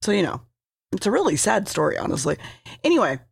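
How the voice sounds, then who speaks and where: A woman's voice: medium pitch, sing-song, fast talker, creaky, slightly rough, no room sound, clean studio sound. A woman casually recapping a TV episode, rambling, swearing freely and correcting herself as she goes.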